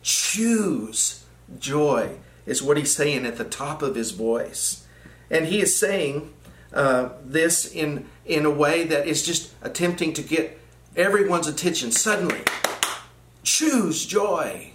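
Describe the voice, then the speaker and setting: A man's voice: on the high side, unhurried, a bit bright. A man leading a Bible study, reading verses aloud and explaining them, often repeating phrases for emphasis. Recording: echoey room.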